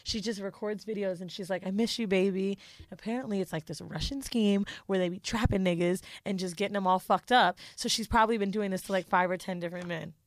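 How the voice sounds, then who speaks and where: A woman co-hosting a podcast, telling a long reality-show story in a profane, animated, casual way. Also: medium pitch, fast, hardly any pauses, dry recording, studio quality. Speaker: podcast co-host.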